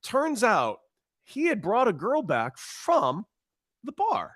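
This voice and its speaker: A man co-hosting a talk show, telling a story in a casual, animated way that gets loud and high-pitched as it builds. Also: slow, no room sound. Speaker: radio co-host, former baseball player.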